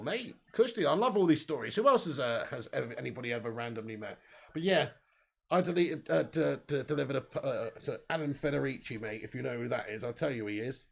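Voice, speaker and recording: A young man hosts a live football watch-along, calling the play and reading out viewer comments. His voice sits a little high, with a gravelly edge. He is chatty and laughs easily. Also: animated, a little slow, pauses often, fairly bright tone. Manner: chatty, laughs often, reads out chat comments. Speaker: host.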